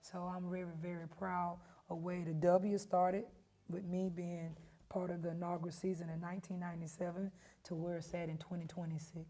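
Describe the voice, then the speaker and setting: A woman in her fifties, a head coach, telling stories in an emphatic, animated way during an interview. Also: fairly low pitch, a little fast. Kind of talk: storytelling interview.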